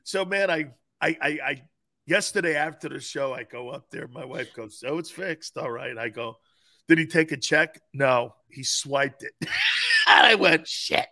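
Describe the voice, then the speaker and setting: A man co-hosting a casual sports talk show, telling profane stories and laughing loudly. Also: on the high side, measured pace. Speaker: co-host. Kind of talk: casual sports radio chat.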